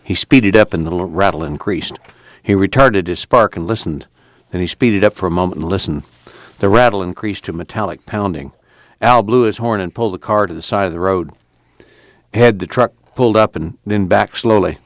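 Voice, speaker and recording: A man reading a novel aloud in steady, measured narration. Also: low-pitched, dry recording. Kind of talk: audiobook narration.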